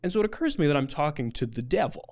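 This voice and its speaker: A man's voice: fairly high pitch, big pitch swings, racing, darkish tone. A man telling a personal story on stage in a casual, chatty way, full of "like" fillers.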